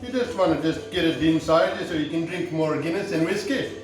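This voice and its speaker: Irish male host, comic cooking demo, high voice, deadpan rambling, boomy echoing home kitchen. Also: brisk, music in the background. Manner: jokey, rambling, deadpan asides.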